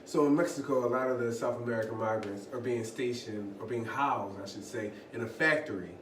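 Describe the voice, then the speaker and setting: A man's voice: medium pitch, fairly quick, a bit bright. A man co-hosting a casual podcast chat, setting up topics and posing questions conversationally. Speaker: podcast co-host. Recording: roomy, distant mic, faint noise.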